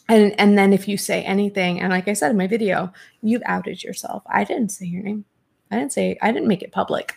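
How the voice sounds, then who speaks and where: A woman hosting a casual chat show, reading out viewer comments and reacting in a blunt, talkative way, often cursing. Her voice is mid-pitched with a gravelly, creaky edge, and she rushes through thoughts with many restarts. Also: darkish tone. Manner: blunt, swears, reads viewer comments aloud.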